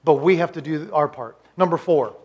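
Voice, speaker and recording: A male pastor delivering a sermon in a voice pitched a bit above average. He pushes hard and loud on his points, then drops to a quiet, confiding tone, often restarting words as he goes. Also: normal speed, husky. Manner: swings between loud urging and quiet confiding, with frequent restarts.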